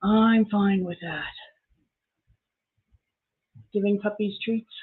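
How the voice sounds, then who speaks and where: A woman's voice: mid-range voice, fairly even intonation, moderate pace, slightly rough. Chatty Canadian woman, tinny audio. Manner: chatty, greets viewers by name. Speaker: live stream host. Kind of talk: casual live chat.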